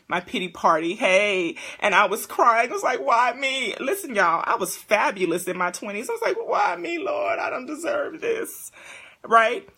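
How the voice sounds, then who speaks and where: A woman in her thirties hosting a casual live-stream chat for single parents, talking straight to viewers in an animated, preachy way. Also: medium pitch.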